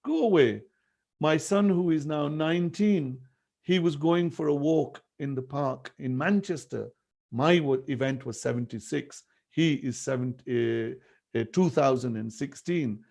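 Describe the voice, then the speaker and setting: A middle-aged man from England speaks earnestly in an academic webinar talk. His voice sits a little high for a man, and he tells stories with quoted dialogue over a video call. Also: a little slow, gravelly, a little mellow. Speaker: guest speaker.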